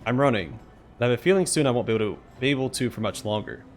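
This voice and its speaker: A man's voice: medium pitch, lively intonation, fast, soft background music. A man hosting a let's play, expressively reading the game's story text aloud.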